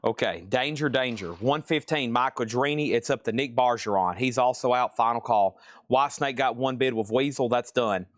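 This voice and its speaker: A man runs a live record sale, chatting casually and rambling between items. His voice sits at a middling pitch, and the sound is dry and close with no room echo. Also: normal speed. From Tennessee. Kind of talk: live sales stream.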